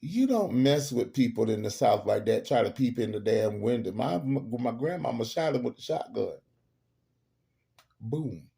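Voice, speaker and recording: Mellow, animated man telling stories. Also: mid-range voice, measured pace, vocal fry. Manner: animated, emphatic, profane humor. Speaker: host. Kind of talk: casual storytelling monologue.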